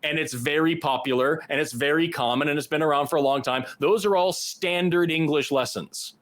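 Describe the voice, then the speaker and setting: A male co-host pushes back on a caller in long, emphatic runs of argument. His voice sits a little above the usual male pitch. He sounds firm and quick, piling point on point. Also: fairly bright tone. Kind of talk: call-in debate.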